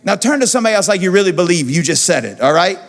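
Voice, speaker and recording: Animated pastor preaching in a hall. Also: male voice, high-pitched, racing. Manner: animated, repeats phrases for emphasis. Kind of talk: sermon. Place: church auditorium. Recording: long church hall reverb.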